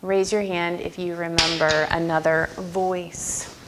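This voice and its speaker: A woman's voice: on the low side, little pitch movement, slow pace, background noise. A woman music teacher leading young children in a classroom with encouraging, sing-song call-and-response prompts. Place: school classroom.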